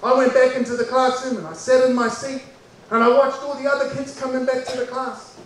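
A man's voice: very high voice, fairly even intonation. Man telling a story in an echoey room. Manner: dramatic, acts out voices and pauses. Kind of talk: live storytelling performance. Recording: echoey room from far off with faint background noise.

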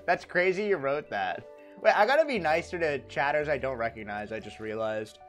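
Young guy streaming a game, kinda high voice, super bouncy and sarcastic with chat, faint game music behind. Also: sing-song, moderate pace, fairly bright tone. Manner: playful and sarcastic, reads and answers chat comments. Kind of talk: live-stream chat while gaming.

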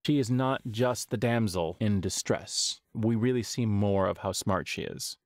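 A man co-hosting a podcast, talking about a film with quick jokes and bursts of exclamation. His voice sits close and dry with no room sound around it. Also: fairly low pitch, no room sound. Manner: animated, quick to joke and exclaim. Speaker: podcast co-host. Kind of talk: casual movie review chat.

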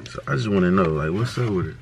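Young man, deep voice, animated delivery, casual mukbang host, slangy and relaxed. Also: very fast, vocal fry, background noise. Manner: laid-back slangy questioning. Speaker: YouTube host.

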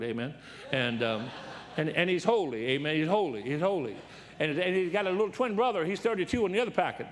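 Folksy preacher, highish voice. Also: male voice, animated, fast talker. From Detroit. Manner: folksy, rambling anecdotes with repeated restarts. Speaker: guest preacher. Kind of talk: storytelling sermon.

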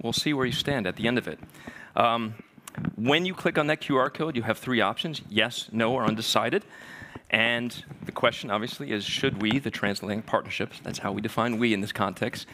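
A man's voice: mid-range voice, sharp tone, a little hiss or hum. A man moderating a live debate, friendly and informal as he introduces the speakers.

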